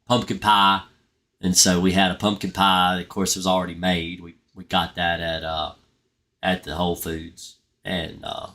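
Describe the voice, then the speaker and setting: A middle-aged man hosting a pest control channel's live stream chats casually and rambles, frequently laughing at his own stories. His voice is deep yet bright, with a forceful tone.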